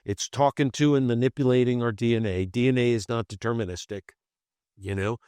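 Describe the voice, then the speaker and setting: A man's voice: mid-range voice, steady tone, brisk, dark tone, smooth, no room sound, clean studio sound. A man who works as a life coach, talking as a podcast guest and explaining his ideas through examples and casual asides. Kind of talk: conversational podcast interview.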